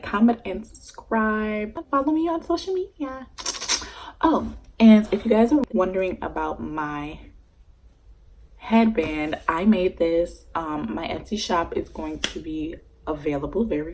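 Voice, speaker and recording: A young woman telling a story-time vlog in a casual, animated way, swearing freely as she goes. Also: on the low side, unhurried, a little hiss or hum, rough recording. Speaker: vlogger.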